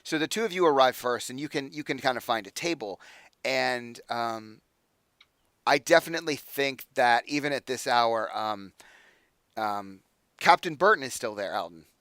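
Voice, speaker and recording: Young man running a tabletop game, halting. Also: medium pitch, animated, fairly bright tone, smooth, dry recording. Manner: casual, halting, many fillers. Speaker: game master.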